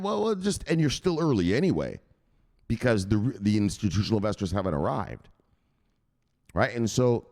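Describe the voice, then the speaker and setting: A man hosting his own channel, ranting in hyped, profane vlog commentary and punctuating points with shouted exclamations. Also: fairly low pitch. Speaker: crypto channel host.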